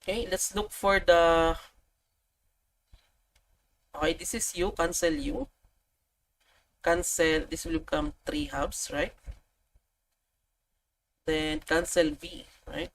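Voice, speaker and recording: A woman's voice: sits low, steady tone, takes it slowly, long pauses, slight background noise, low-quality recording. A woman tutoring math, thinking aloud and chatting as she works through problems. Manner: thinks aloud, self-correcting, chatty asides. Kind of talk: casual tutorial walkthrough.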